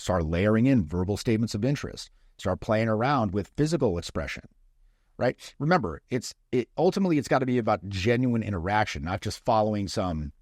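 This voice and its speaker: A man's voice: fairly low pitch, no room sound, studio quality. A man coaching on social skills in a conversational teaching talk, often checking in with "right?" as he explains. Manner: conversational, often adds "right?" tag questions. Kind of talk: instructional talk to camera.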